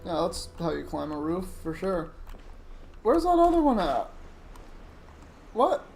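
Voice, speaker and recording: A man's voice: high voice, sing-song, a little slow, vocal fry, darkish tone. A man streaming a video game, chatting casually and reacting aloud to what happens on screen. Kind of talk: casual gameplay commentary. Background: game music.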